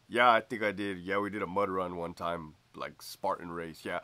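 A man's voice: low-pitched, normal speed, sharp tone. A man who used to be a prison officer telling a story casually, slangy and profane, laughing often.

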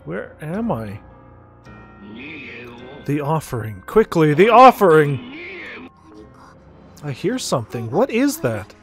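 A man's voice: a little high, wildly swooping pitch, slow, vocal fry, pauses often, fairly bright tone, soft background music, heavily acted. A man reading the lines of a frightened teenage girl priestess in a video game, nervous and questioning.

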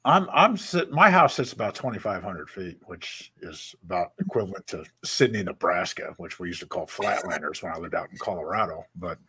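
A man chatting casually as a guest, who stammers and lets his sentences fade out quietly. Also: sits low, animated, a little fast, hardly any pauses, husky. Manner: stammering, trails off quietly at phrase ends. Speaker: guest on a livestream. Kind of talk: casual chat. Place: at home.

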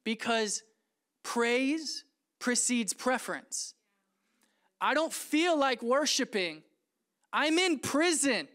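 Animated, playful male pastor. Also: extremely high pitch, slow, long pauses, clean tone. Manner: animated, playful, acts out scenes with laughs. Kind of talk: sermon.

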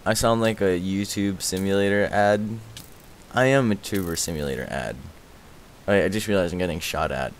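A man streaming a game live, rambling excitedly, answering chat and thanking viewers as he plays. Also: deep voice, normal speed, a little hiss or hum. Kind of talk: live gaming stream chatter.

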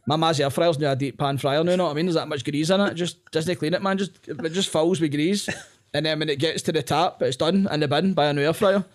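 A young Glaswegian man, a comedian guest on a podcast, telling rapid, sweary anecdotes and often breaking into laughter. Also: on the high side, fairly even intonation. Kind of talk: casual podcast chat.

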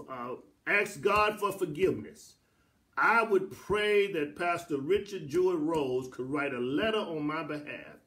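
A middle-aged pastor teaching a Bible study in a church, with a repetitive preacherly cadence that builds to emphatic peaks. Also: male voice, on the high side, fairly bright tone. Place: church sanctuary.

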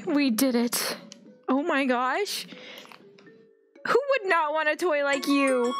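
A woman's voice: high-pitched, takes it slowly, fairly bright tone, faint music behind. A young woman hosting a let's-play video, giving giddy, chatty commentary that breaks into squeals. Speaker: gaming video host.

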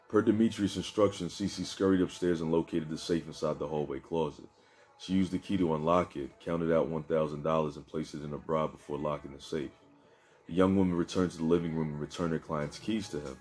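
A man reading aloud from a novel in a steady, subdued way. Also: extremely low pitch, fairly quick. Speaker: narrator reading his own novel. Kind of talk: book reading.

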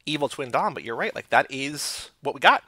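A man's voice: mid-range voice, animated, bright, forceful tone, no room sound. A man co-hosting a casual podcast, reading listener emails aloud and stopping to react. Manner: reads emails aloud in chunks, pausing for reactions. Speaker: podcast co-host.

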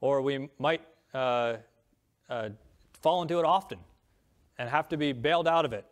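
A middle-aged pastor with a medium-pitched voice speaks at normal speed during his sermon. He is earnest, reads scripture out loud, and lifts his voice on key lines.

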